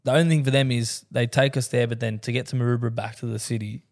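A man's voice: medium pitch, steady tone, fast talker, creaky, a little mellow. An Australian man co-hosting a podcast in a studio, asking questions and reasoning things out. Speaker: podcast co-host. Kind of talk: casual chat.

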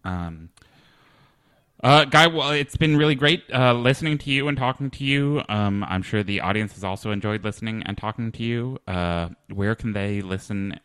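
A man hosting a comedy podcast, talking hesitantly with many fillers and a deadpan manner. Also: on the low side, moderate pace, clear, resonant tone, no room sound, clean studio sound. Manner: hesitant, lots of ums and restarts, deadpan. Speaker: podcast host. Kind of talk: casual comedy podcast chat.

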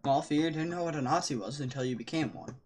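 A man's voice: a little high, fast talker. A young man co-hosting a podcast in casual chat, teasing the others and laughing often. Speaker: podcast co-host. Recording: noisy home mic.

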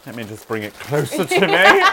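A woman's voice: rumbling low, heavy background noise. A woman co-hosting a casual chat, reading a local paper aloud with dry, wry asides. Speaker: podcast co-host.

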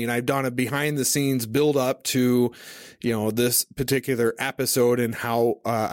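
A man hosting a casual teaching podcast, talking in a relaxed, conversational way with many fillers, at a studio mic on a stand. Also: medium pitch, dry recording. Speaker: podcast host. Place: home studio at a desk.

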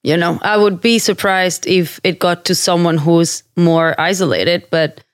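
A woman co-hosts a podcast with casual, wry remarks. Her voice sits on the low side for a woman. The sound is dry, with no room echo. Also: fairly even intonation, unhurried. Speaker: podcast co-host. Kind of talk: casual chat.

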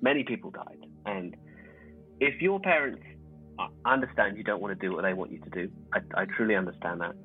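A man's voice: lowish voice, expressive, brisk, soft background music, natural voice. A man playing in a tabletop role-play game, earnest and rambling, with a joking streak. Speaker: player. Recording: tinny phone-like line.

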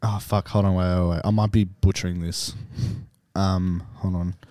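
A man's voice: sits low, level tone, normal speed, mellow, no echo, studio quality. A young man co-hosting a casual podcast, jokey and loose, often laughing and swearing. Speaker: podcast co-host. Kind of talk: casual chat.

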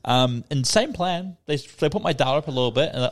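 Brief: young Australian man, podcast co-host, quick talker, casual and profane storyteller. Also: on the high side. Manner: swearing, storytelling, animated retelling. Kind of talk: casual chat.

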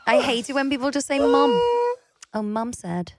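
A woman's voice: high voice, normal speed. Scouse woman, playful podcast chat. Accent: Liverpool (Scouse). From Liverpool. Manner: playful, explaining slang. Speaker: podcast co-host. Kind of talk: casual chat.

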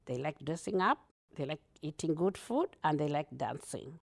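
Kenyan-accented woman, gravelly, lowish pitch, earnest, animated storyteller; interview guest. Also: normal speed. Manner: earnest, animated, laughs often.

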